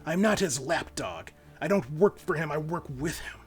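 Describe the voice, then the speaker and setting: A man putting on a sneering storybook villainess who toys with her prey, her voice pitched up high and swooping through mocking, sing-song phrasing. Her taunts bounce lively up and down. Faint music sits underneath. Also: normal speed, lightly acted. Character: taunting, cruel female villain with playful menace.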